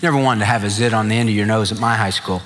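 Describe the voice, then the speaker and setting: A man's voice: fairly low pitch, very fast, fairly bright tone. A middle-aged male pastor preaching a sermon with folksy, humorous storytelling. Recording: reverberant church hall.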